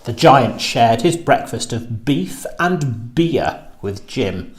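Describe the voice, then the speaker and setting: A man reading a children's storybook aloud, with a slow and expressive delivery. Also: mid-range voice.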